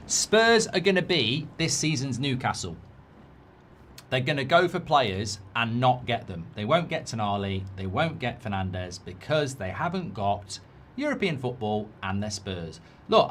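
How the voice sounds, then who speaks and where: A man's voice: mid-range voice, fairly bright tone, a little hiss or hum. A man hosting a football watchalong, talking in a sarcastic, blunt, rambling way. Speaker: host.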